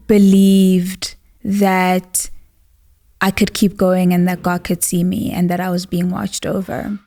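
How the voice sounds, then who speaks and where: Slow, even-toned reflective woman. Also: medium pitch. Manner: thoughtful, unhurried, lots of "um" and "like". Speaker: podcast host. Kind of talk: reflective storytelling monologue.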